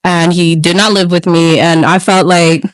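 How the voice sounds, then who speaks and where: A woman's voice: on the low side, moderate pace, dry recording, low-quality recording. A young woman co-hosting a casual chat show, telling stories with swearing and acting out the voices of others. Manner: animated storyteller, acts out voices, swears freely. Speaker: podcast co-host.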